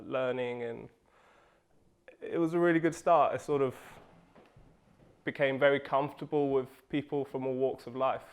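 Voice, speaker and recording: A young man from England speaking in an interview, measured and thoughtful, pausing often as he recalls school years. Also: medium pitch, clean tone. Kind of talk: reflective interview.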